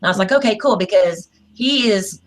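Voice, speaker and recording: A woman's voice: medium pitch, brisk. An adult woman from Oklahoma, a panel guest telling a story in casual chat. She talks bluntly and acts out what people said. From Oklahoma, USA. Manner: animated, blunt, acts out quotes.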